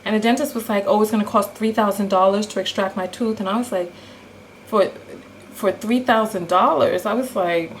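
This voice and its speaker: A woman telling a story in a casual vlog, animated and full of acted-out quotes. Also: a little high, a little hiss or hum, low-quality recording. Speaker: vlogger.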